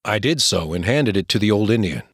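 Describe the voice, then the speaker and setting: A man narrating a first-person frontier story, expressive and shifting voices for each character. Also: lowish voice, fairly quick, slightly rough, dry recording, clean studio sound. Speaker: audiobook narrator.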